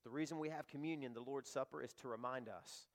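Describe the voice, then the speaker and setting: Impassioned pastor preaching. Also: male voice, medium pitch, fast talker. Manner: impassioned, acts out quoted voices. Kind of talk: sermon.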